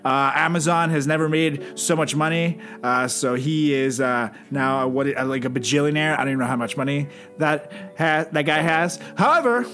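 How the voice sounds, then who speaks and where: A man's voice: a little high, moderate pace, few pauses, fairly bright tone, soft background music. A man co-hosting a comedy podcast, teasing his partner in a sarcastic, mock-formal way. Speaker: podcast co-host. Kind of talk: casual comedic chat.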